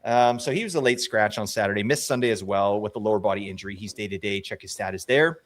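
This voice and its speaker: A man co-hosting a fantasy hockey podcast, chatting casually in an animated, joking, rambling way. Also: on the low side, fast talker. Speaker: co-host.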